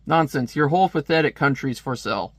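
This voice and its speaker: A man's voice: on the high side, lively intonation, a little fast, no room sound. A man voicing a scheming arms-dealer villain in a cold, contemptuous manner. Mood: scornful.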